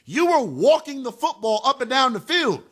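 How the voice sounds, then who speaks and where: A man's voice: extremely high pitch, big pitch swings, moderate pace, a bit bright. A man hosting a sports talk show, emphatic and fired up as he argues his points. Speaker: sports radio host.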